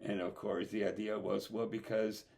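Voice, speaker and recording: A man's voice: on the low side, little pitch movement, normal speed, vocal fry, a little mellow. A man hosting a podcast conversation, asking reflective questions in an earnest, conversational way. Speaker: podcast host.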